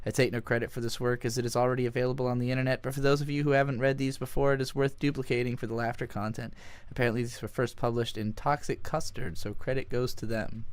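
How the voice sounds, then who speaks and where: A man's voice: mid-range voice, fairly even intonation, brisk, no room sound. Man, sardonic streamer, casual reading with commentary, swears, clean resonant voice, dry close sound. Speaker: streamer reading a viewer's request.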